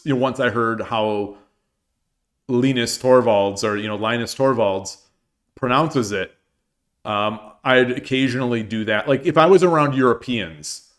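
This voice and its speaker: A middle-aged man talks off the cuff on a livestream at a mid-range pitch. He rambles, restarts his sentences and leans on fillers as he goes. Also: a little slow, fairly bright tone. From United States. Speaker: streamer. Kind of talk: casual livestream chat.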